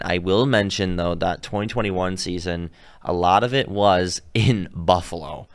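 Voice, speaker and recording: Low-voiced, blunt sports podcast man. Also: a bit bright, clear, resonant tone. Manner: opinionated, rambling, blunt. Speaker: podcast host. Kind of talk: casual sports talk.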